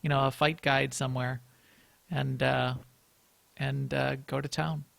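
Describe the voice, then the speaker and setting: A man's voice: medium pitch, flat delivery, a little slow, creaky, fairly bright tone, no room sound. A man co-hosting a casual gaming podcast, rambling and restarting as he thinks aloud. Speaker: podcast co-host.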